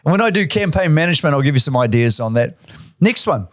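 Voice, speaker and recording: A man's voice: on the high side, very animated, fast talker, no room sound, studio quality. A middle-aged man, a real estate boss giving tips in a chatty, enthusiastic way full of fillers. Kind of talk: casual instructional talk.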